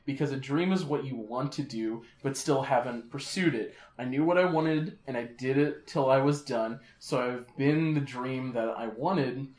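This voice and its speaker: A man's voice: mid-range voice, normal speed, hardly any pauses, a little mellow, reverberant. A man co-hosting a casual podcast chat, blunt and teasing, swearing freely. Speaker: podcast co-host.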